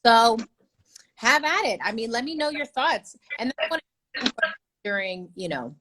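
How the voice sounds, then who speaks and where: A woman's voice: a little high, sing-song, a little slow, a bit bright, slight background noise, poor audio. A woman in her thirties from the United States, hosting a casual chat show in a chatty, profane manner. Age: 30s. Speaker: podcast host.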